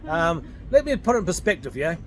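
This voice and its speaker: Aussie bloke in his 40s ranting at the camera, pretty high voice for a guy, swears a lot, faint noise behind. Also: sing-song, fairly quick, creaky. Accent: Australian. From Australia. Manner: blunt, combative, swears freely. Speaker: vlogger. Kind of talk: off-the-cuff rant to camera. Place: at home in Thailand.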